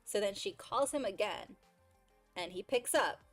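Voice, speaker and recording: A woman's voice: medium pitch, lively intonation, a little slow, a bit bright, soft background music, poor audio. A woman streamer retelling a story in a casual, chatty way, full of fillers and exasperated asides.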